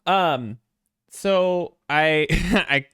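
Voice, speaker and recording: A man talks to his stream from a home desk, rambling and jittery, dropping curses and poking fun at himself. His voice sits fairly high for a man and comes across smooth and resonant. The sound is dry and close. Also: very slow, a bit bright, dry recording. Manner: rambling, swears a lot, jittery and self-mocking. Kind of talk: casual chat before a game stream.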